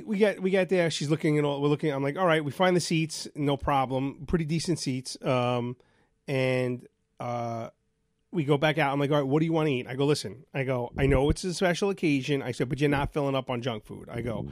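A man tells a long, rambling story on a talk show, acting out every line of dialogue. His voice sits a little high for a man. The sound is dry and close. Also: a little fast, no echo. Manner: rambling, animated, many restarts. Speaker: radio show host. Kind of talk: casual storytelling chat.

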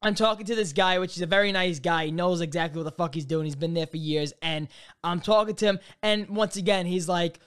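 A man's voice: high voice, steady tone, a little fast, fairly bright tone, clear, resonant tone. A young man on a podcast telling a rambling, profane anecdote, acting out both sides of the conversation. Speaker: podcast co-host. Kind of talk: casual chat, storytelling.

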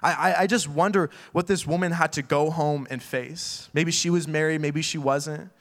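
A man's voice: fairly high pitch, steady tone, normal speed, a bit bright. A young man preaching a casual sermon full of fillers, acting out little quoted voices as he talks.

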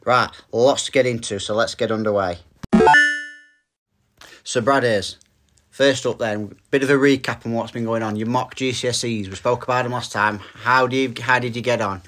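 A man's voice: mid-range voice, fairly even intonation, normal speed, a bit bright. A middle-aged man from the UK hosting a casual podcast with his son, easygoing and full of jokey banter. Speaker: podcast host. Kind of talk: casual chat.

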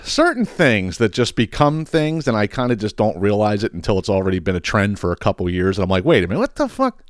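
A man's voice: lowish voice, animated, brisk, dry recording, clean studio sound. A man hosting a podcast, ranting in a casual comedic way. He swears freely and laughs at his own stories. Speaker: podcast host.

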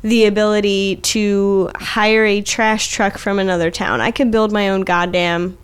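A woman's voice: mid-range voice, level tone, a little slow, smooth. A woman co-hosting a casual podcast chat, ranting with plenty of swearing and exasperation. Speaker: podcast co-host.

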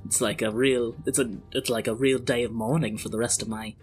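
A man's voice: mid-range voice, flat delivery, brisk, soft background music, natural voice. A man voicing a brash male British office worker in improvised role-play, his put-on British accent drifting between regions. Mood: mock-mournful. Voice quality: loose, wandering put-on accent.

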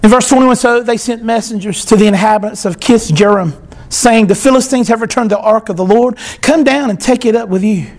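A man preaching a sermon as pastor, animated, swinging from loud to soft. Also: high-pitched, brisk.

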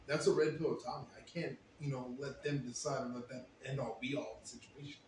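A young man telling a long, profane story in a casual podcast chat, getting loud when he quotes himself. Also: mid-range voice, steady tone, a little fast. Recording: roomy echo, faint ambient noise.

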